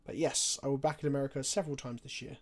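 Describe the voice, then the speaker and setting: A man's voice: medium pitch, steady tone, very fast. A young man chatting casually on a live stream, talking through his card game plays and answering viewer questions.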